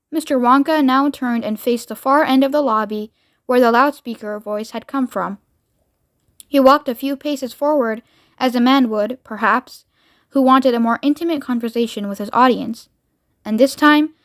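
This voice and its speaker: A woman narrating a children's book aloud with expressive storytelling. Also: a little high. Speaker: book reader.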